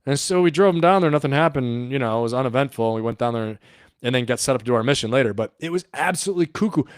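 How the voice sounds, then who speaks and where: A man's voice: mid-range voice, expressive, rapid-fire, no room sound, clean studio sound. A middle-aged man hosting a livestream, telling a story in a rambling, profane way and laughing often. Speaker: livestream host and coach.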